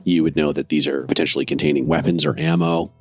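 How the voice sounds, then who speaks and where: A man's voice: very deep voice, flat delivery, fast, no room sound, soft background music. A man narrating as game master of a tabletop western game, describing scenes with musing, hedging asides.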